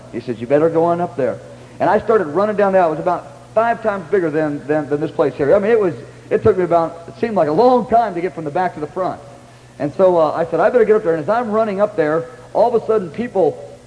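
A man's voice: high voice, a little mellow, in a large hall, a little hiss or hum, poor audio. A man preaching in a storytelling style, rambling through anecdotes with restarts and acting out what others said. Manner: rambling anecdotes with many restarts and acted-out quotes. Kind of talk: storytelling sermon.

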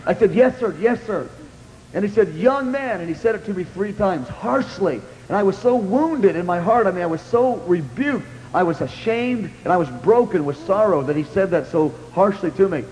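A man with a high voice preaches, recounting his experience with animated, repetitive storytelling. His voice rings with a long hall reverb, and faint ambience sits behind him. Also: a little fast, hardly any pauses, a little hiss or hum. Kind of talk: sermon testimony.

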